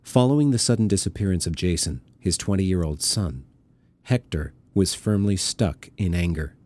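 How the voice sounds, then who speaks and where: A man reading a novel aloud as an audiobook narrator, in a measured, deliberate way. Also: low-pitched, expressive, mellow. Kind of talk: scripted narration.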